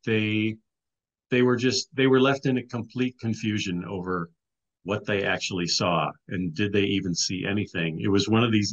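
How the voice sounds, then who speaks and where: A man's voice: lowish voice, fairly bright tone, dull audio. A middle-aged man telling a story casually as a guest on an interview show, with frequent restarts and "you know"s. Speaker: podcast guest, author and filmmaker.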